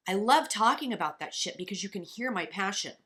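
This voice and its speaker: Bright, forceful motivational woman podcaster. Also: medium pitch, expressive, fairly quick. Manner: passionate, blunt and profane. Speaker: podcast co-host and coach. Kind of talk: casual motivational podcast chat.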